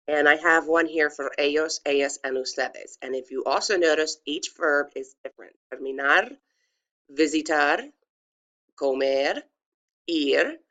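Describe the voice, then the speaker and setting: A woman teaching a Spanish class in a recorded walkthrough. She talks patiently with frequent ums and restarts, and slows right down to model each word. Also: deep voice, a bit bright.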